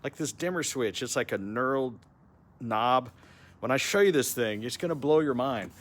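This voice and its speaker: A man vlogging casually as he walks through his trailer and workshop, chatty and excitable, laughing often. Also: medium pitch, normal speed. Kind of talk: casual walk-around vlog.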